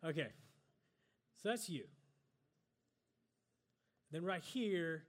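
A man's voice: a little high, expressive, extremely slow. A man giving a conversational sermon, drawing on a board and joking at himself as he goes. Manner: conversational, self-deprecating with laughs. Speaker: preacher.

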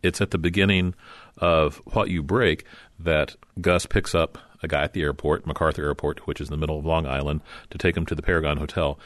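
A man's voice: very deep voice, fairly bright tone, no room sound. A man interviewing an author, asking conversational, leading questions.

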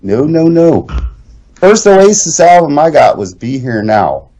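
A man's voice: on the high side, big pitch swings, measured pace, mellow, rough recording. A middle-aged man co-hosting a podcast, telling a story in casual chat, profane and acting out the voices he quotes. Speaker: podcast co-host.

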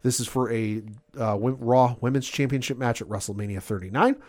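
A man's voice: mid-range voice, brisk, darkish tone. A man hosting a casual podcast, recapping news in an enthusiastic, rambling way with many fillers. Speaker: podcast host. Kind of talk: casual sports and gaming chat.

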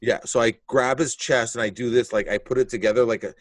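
With a mid-range voice and fast delivery, a male comedian guest tells a wild story. He speaks casually and bluntly, swears freely, and acts out the moments in an animated way, with no room sound in the recording.

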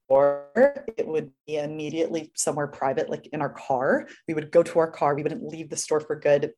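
A woman's voice: low-pitched, mellow. Earnest young mother explaining steps. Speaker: guest mother. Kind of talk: casual interview chat.

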